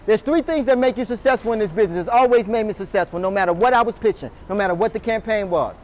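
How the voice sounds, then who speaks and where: A man's voice: sits high, fast. A man giving a motivational talk to a room of door-to-door salespeople, quizzing them and calling on them to answer. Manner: energetic, calls on the audience, quizzes the room. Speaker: motivational speaker. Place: meeting room with a live audience.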